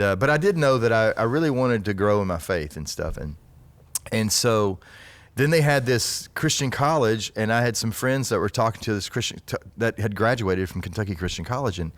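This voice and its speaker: A man telling stories from his past in a casual podcast chat, chatty and quick to laugh. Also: on the low side, no echo.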